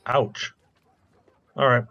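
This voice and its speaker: A man's voice: extremely slow, bright, forceful tone, no room sound, highs cut off. A man playing a tabletop game, talking casually and stumbling over place names. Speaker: player.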